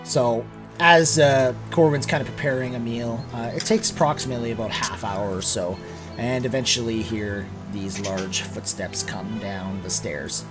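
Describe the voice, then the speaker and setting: Male game master, casual tabletop narration, middle pitch, filler-heavy. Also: normal speed, music in the background.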